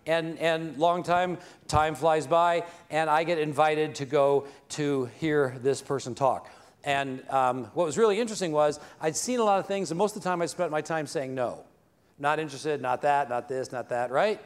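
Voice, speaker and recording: Chatty man telling a story, slightly high voice. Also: moderate pace, clean tone. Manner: conversational, checks in with the audience. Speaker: speaker at a business event. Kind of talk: motivational storytelling talk.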